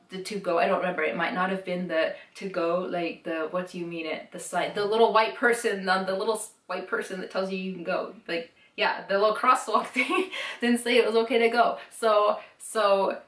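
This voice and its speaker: A woman's voice: fairly low pitch, a bit bright, echoey room, distant mic. A young woman rambling self-consciously in a casual monologue to camera, full of fillers and second thoughts. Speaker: vlogger answering typing questions.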